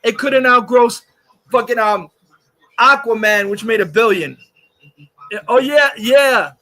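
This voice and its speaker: An extremely high-pitched man with a sharp tone speaks slowly as the host of a livestream. In this angry rant, he swears freely and reads chat comments out loud.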